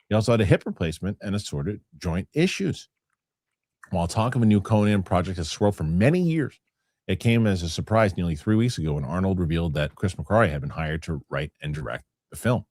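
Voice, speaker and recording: A man hosting a casual movie news show, animated and jokey, reading headlines and adding his own takes. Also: on the low side, no room sound, clean studio sound. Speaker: show host.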